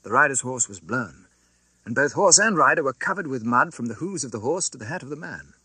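Expressive male audiobook narrator, bright tone. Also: medium pitch, a little fast, breathy edge, no echo. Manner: expressive, dramatic reading. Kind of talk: scripted narration of a classic novel.

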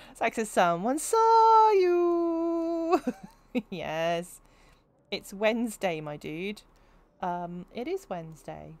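Giggly woman streaming a game. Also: on the low side. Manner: chatty, giggly, chatting with viewers. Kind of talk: casual gameplay commentary.

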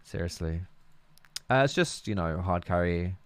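An English-accented young gaming streamer speaks in a low, clear, resonant voice, animated but unhurried, with no room sound. He rambles casually while playing and reading his chat.

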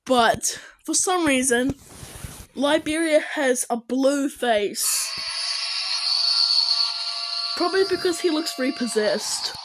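A young woman giving casual reaction commentary to animated videos, exclaiming and firing questions at the characters on screen. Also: sits high, takes it slowly, long pauses, noisy background.

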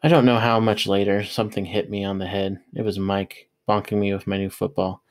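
A man with a low voice reads a novel aloud. He tells the story in a steady, plain way, letting the narration carry without fuss. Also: brisk, few pauses. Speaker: audiobook reader.

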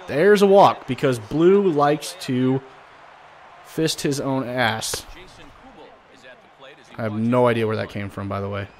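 A man commentating his own baseball video game play casually, joking and swinging from low muttering to sudden loud outbursts. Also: slow, long pauses. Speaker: gaming commentator.

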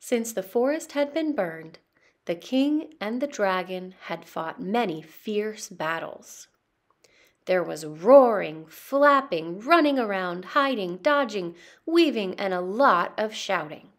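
A woman narrating a children's storybook as a voice-over interpreter. She tells it slowly and dramatically. Her pitch swings widely from line to line. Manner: slow, expressive, dramatic storytelling. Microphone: studio voice-over.

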